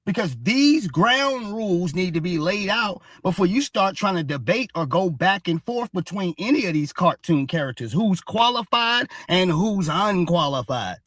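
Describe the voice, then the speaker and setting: A man's voice: sits high, lively intonation, moderate pace, hardly any pauses, a bit bright, dry recording, studio quality. A man hosting a ranting commentary show, heated and mocking, cursing and repeating "all right?" again and again. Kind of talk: ranting commentary on social media posts.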